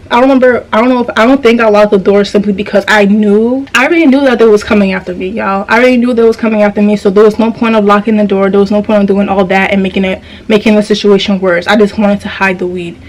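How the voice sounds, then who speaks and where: A woman's voice: medium pitch, low-quality recording. A young woman vlogger telling a dream story in a casual, slangy, profane way, often restarting her sentences.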